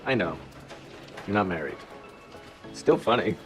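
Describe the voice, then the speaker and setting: An actor playing a cocky, unflappable corporate lawyer in a TV drama, cool, commanding and sarcastic. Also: male voice, on the low side, animated, a little slow, soft background music. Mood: sardonic. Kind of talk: TV drama dialogue.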